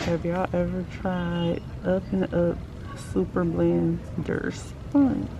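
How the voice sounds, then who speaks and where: A woman vlogs casually to her viewers, calling them y'all as she runs errands, cleans up, and waits in her car, speaking into a handheld phone at home, in stores, and in the car. Her voice is fairly low, gravelly, slow, and level in tone, heard over loud music. Late at night she switches to soft whispers.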